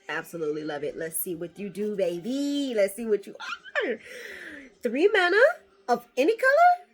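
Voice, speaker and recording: A woman casually opening trading card packs on camera, excitable and profane, swinging between hushed murmurs and loud squeals. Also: a little high, moderate pace, soft background music. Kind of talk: casual unboxing vlog.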